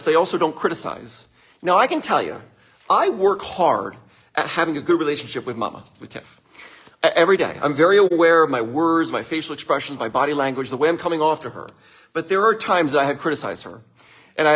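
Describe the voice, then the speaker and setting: Animated, husky man giving a talk. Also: a little high, quick pace. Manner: animated, laughs often, addresses listeners directly. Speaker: speaker presenting relationship advice. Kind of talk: live talk to an audience.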